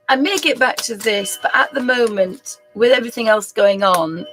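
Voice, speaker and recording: A woman's voice: fairly high pitch, moderate pace, a bit bright, soft background music. A middle-aged woman hosting a live crafts stream, chatting in a rambling, friendly way and breaking off to apologise. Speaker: host of a live crafts show. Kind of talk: casual live-stream chat.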